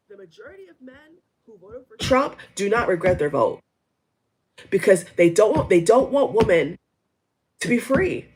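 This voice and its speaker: Husky woman ranting hard at the camera, audio keeps dropping out, blunt and cussing. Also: a little high. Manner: blunt, heated, profane, repeats phrases for emphasis. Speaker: vlogger. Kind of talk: angry reaction rant to camera. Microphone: headphones on. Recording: audio cutting in and out, level dropping.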